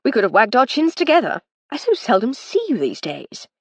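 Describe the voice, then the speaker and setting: Jolly posh edwardian gent, a woman putting him on, bluff and loud-ish, bit breathy. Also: a little high, very animated, brisk, dry recording, voice pushed up. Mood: hearty. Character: hearty upper-class Edwardian gentleman, jovial.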